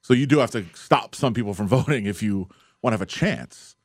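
A male sports reporter talking fast in loose, rambling banter. He laughs often and restarts his sentences mid-thought. The sound is dry and close to the mic. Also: lowish voice, animated, husky, no echo. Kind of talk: casual sports talk banter.

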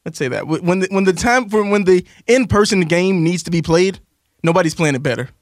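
A young man in casual radio banter, laid-back and deadpan. His voice sits fairly high, and the sound is dry and close. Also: a little fast, no room sound. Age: young adult.

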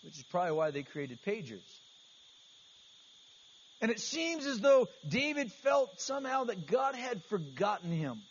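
A man's voice: high-pitched, very animated, a little slow. A man preaching an earnest, conversational sermon as pastor, often restarting his phrases. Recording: slightly dull, faint hiss.

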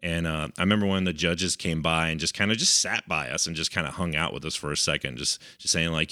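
Male podcast co-host, low voice, sharp tone, chatty and filler-heavy. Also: fast talker, few pauses, no echo, studio quality. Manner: rambling, filler-heavy, chuckling. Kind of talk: casual podcast chat.

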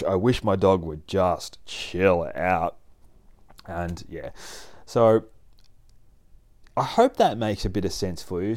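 A man explaining dog training in a casual, animated way, often laughing and acting out his dog. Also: deep voice. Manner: animated, acts out dogs and people in playful voices, laughs often. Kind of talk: casual instructional talk.

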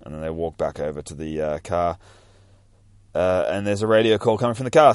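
A man's voice: deep voice, steady tone, fairly quick, smooth, dry recording, studio quality. A man casually reading through a comic book, cursing freely and rambling about the panels. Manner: profane, rambling, bursts of hype. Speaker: comic reader vlogger.

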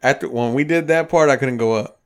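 Brisk and medium-pitched, a podcast co-host recounts a story in easygoing chat. His telling is full of swearing and lively impressions of what people said.

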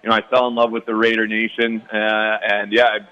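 A man's voice: lowish voice, completely flat delivery, a little fast, sharp tone, clean tone. Easygoing man on a dull remote line. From Canada. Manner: easygoing, rambling with many fillers. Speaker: guest athlete. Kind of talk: casual interview chat.

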